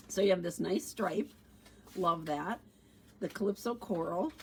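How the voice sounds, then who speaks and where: A middle-aged woman talks viewers through a paper-crafting demo at an easy, unhurried pace, her voice sitting a little low. She chats and thinks aloud with plenty of fillers, sounding a bit stuffy from allergies. Faint room noise sits behind her. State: sniffly with allergies, sneezing. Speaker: stamping demonstrator. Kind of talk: casual crafting livestream demo.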